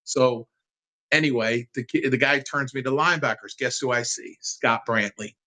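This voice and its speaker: Appearing as a guest on a sports interview, a man in his fifties tells a heartfelt story from his childhood in a casual, animated way. His voice is mid-range and his speed normal, though the audio is poor.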